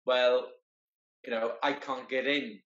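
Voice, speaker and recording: A man's voice: mid-range voice, flat delivery, takes it slowly, a bit bright. A man speaking earnestly in a casual conversation, often stopping and repeating his words. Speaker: guest, wheelchair marathon entrant. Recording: roomy, dull lo-fi sound.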